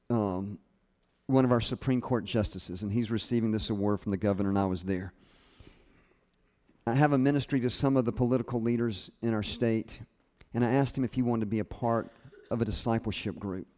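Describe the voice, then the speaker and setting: A man preaching a sermon, telling a personal story and acting out the people in it as he quotes them. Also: medium pitch. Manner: storytelling with lively quoted voices. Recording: long hall reverb.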